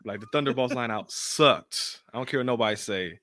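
A man's voice: medium pitch, a little fast, fairly bright tone, dry recording, clean studio sound. A man co-hosting a casual podcast, bantering with slangy, teasing remarks. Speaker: podcast co-host.

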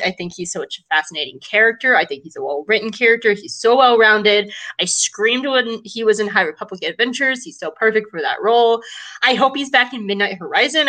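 A woman co-hosting a casual fan chat, excitable and gushing, laughing often. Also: medium pitch. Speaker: podcast co-host.

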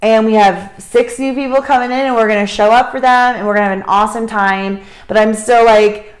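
A woman's voice: on the high side, steady tone, a little fast. A woman co-hosting a podcast in casual chat, talkative and openly emotional, recorded in Cusco, Peru. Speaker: podcast co-host and hiking trip leader.

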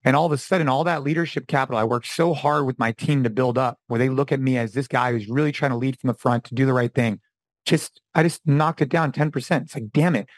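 Brief: man, 40s, lively storyteller guest, mid pitch, dry close mic. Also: quick pace, no room sound, poor audio. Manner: animated storytelling, acts out quotes. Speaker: podcast guest, former fitness champion and gym owner. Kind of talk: casual interview talk.

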